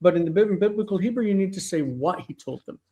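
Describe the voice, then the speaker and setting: Slightly high-voiced man teaching on a video call. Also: lively intonation, quick pace, mellow, low-quality recording. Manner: explains patiently, checks understanding with questions. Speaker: Hebrew teacher. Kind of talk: online Bible Hebrew class.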